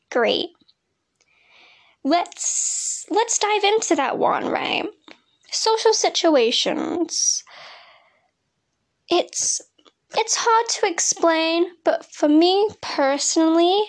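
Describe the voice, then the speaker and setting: A young woman hosting her own podcast, chatting casually and rambling, often laughing and losing her train of thought. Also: high-pitched. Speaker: podcast host. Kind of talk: casual personal chat.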